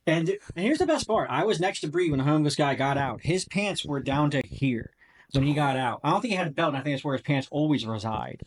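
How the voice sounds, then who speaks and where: A man's voice: fairly high pitch, animated, fast talker, a little hiss or hum. A man hosting a podcast in casual chat, blunt and jokey, laughing often and swearing freely. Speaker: podcast host.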